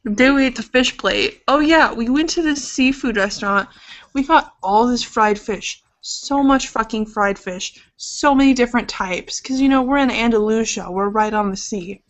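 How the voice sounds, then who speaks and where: Young woman from iowa rambling and swearing casually, kinda high voice, muffled low-fi audio. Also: normal speed. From Iowa, United States. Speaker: podcast co-host. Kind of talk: casual chat. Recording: dull lo-fi webcam audio.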